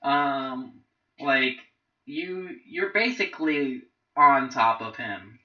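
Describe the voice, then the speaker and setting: A game master narrating a tabletop game with lots of halting restarts and fillers, on a dull lo-fi recording. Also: mid-range voice, big pitch swings, creaky.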